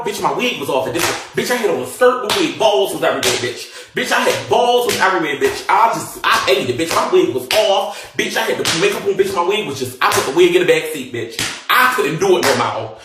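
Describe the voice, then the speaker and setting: A man vlogging from a car, retelling a story in a dramatic, profane, animated way. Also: high voice, fairly quick, hardly any pauses. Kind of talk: casual storytelling. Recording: echoey and distant from the mic, faint noise.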